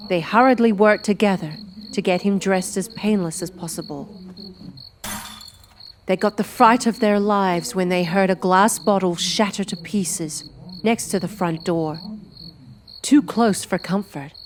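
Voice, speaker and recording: A woman's voice: mid-range voice, a little slow. Woman narrating an audiobook. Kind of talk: scripted narration.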